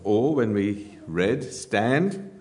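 A man preaching a sermon, teaching in a measured way with frequent "uh" fillers and dry humour. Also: lowish voice, expressive, a little mellow.

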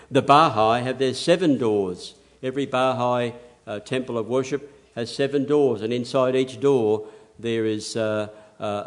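An older man delivers a sermon in an earnest, measured voice. His pitch sits in an ordinary middle range, and he pushes up sharply on the words he wants to land. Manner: earnest, measured preaching with emphatic rises. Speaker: preacher.

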